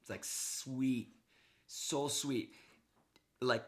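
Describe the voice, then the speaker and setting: A man's voice: mid-range voice, drawn-out words, fairly bright tone. A man coaching hockey, talking a player through game footage in a casual, enthusiastic way, checking in often with "okay". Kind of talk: video game analysis for a player.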